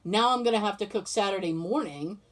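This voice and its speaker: A podcast host with a medium-pitched, fairly quick voice tells a story in casual chat. She acts out both sides of the conversation and swears freely.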